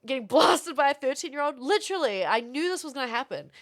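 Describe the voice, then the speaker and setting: A young woman from Florida, streaming and chatting casually with viewers, animated and swearing now and then. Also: sits high, fast talker. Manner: animated, swearing, reads out chat. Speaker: livestreamer.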